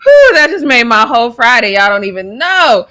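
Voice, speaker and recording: Young woman co-host, bright and fairly high, chatty and animated, laughs easily. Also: normal speed. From Colorado. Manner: animated, laughs easily, stumbles over names. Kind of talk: casual sports chat show.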